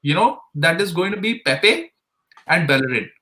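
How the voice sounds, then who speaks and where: A man's voice: on the high side, expressive, moderate pace, bright, forceful tone. A man on a football fan panel, arguing heatedly and stumbling over his words. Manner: heated, stumbling, lists player ratings. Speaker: podcast panelist. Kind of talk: casual football debate.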